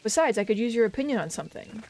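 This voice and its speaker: A woman reading the lines of a friendly middle-aged male printer in a game, quickly and plainly. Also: a little high, lively intonation, vocal fry, a little mellow, a little hiss or hum.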